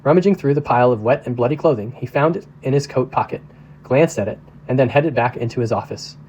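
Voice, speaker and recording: Pastor as audiobook narrator: mellow, even, measured man. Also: medium pitch, rough recording. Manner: steady, measured reading. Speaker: pastor reading a novel aloud.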